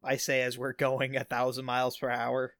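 A man playing a tabletop game, deadpan and goofy in his banter. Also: medium pitch, moderate pace. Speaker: player. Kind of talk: casual tabletop play.

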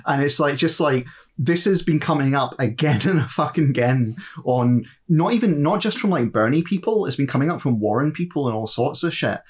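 A man's voice: on the high side, animated, fairly quick, slightly rough. A man, co-hosting a casual, sweary political chat and ranting sardonically.

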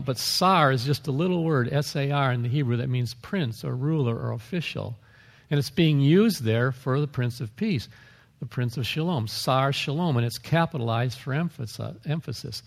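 A man preaches in a relaxed, conversational way, breaking off into asides and soft chuckles. His mid-pitched voice has a gravelly edge. The sound carries a long hall reverb. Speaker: pastor. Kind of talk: sermon.

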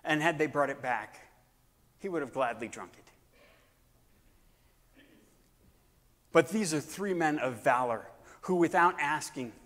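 Animated male preacher in a reverberant hall. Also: on the high side, slow pace, long pauses. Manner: animated, acts out scenes, swings between shouting and hushed tones. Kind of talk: sermon storytelling.

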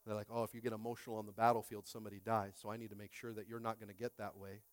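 A pastor in his late thirties preaching a sermon, emphatic, swinging from quiet to loud and repeating phrases. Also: fairly low pitch, level tone, very fast, no echo.

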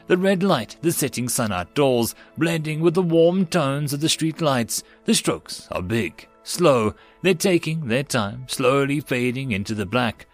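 Man narrating a story over faint music. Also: medium pitch. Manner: measured, descriptive storytelling.

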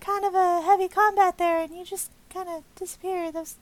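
A woman's voice: very high voice, little pitch movement, a little fast, dry recording. A woman playing in a tabletop game, complaining and teasing in character. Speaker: player.

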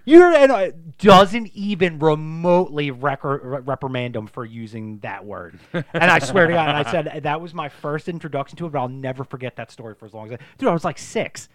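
A man's voice: on the high side, expressive, a little fast, fairly bright tone. A man, a podcast co-host telling a long childhood story in a rambling, profane way. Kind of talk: casual storytelling chat.

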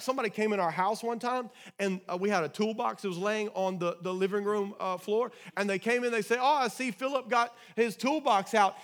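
A man's voice: high-pitched, fairly bright tone. A male pastor preaching a sermon to his congregation, emphatic and repeating key phrases to drive them home, calling out for responses from the room.

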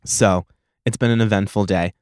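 A young man hosting a solo comedy podcast, telling stories in a profane, sarcastic, animated way. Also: on the low side, no room sound, studio quality. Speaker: podcast host.

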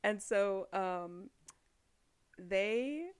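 A woman co-hosting a casual chat, retelling a story with quick quoted lines and frequent laughter. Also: medium pitch, expressive, smooth. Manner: chatty, laughs often, acts out lines of characters in passing. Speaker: podcast co-host recapping a book.

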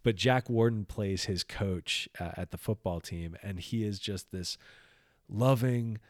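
A man's voice: fairly low pitch, unhurried, no echo, studio quality. A man co-hosting a podcast, chatting casually about actors and films, laid-back and laughing easily. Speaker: podcast co-host. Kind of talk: casual film discussion.

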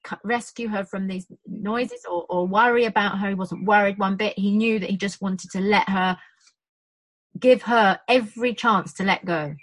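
She has a medium-pitched voice and a moderate pace, a British woman working in birth support who chats easily and performs the quotes in her anecdotes. The recording is dry and rough.

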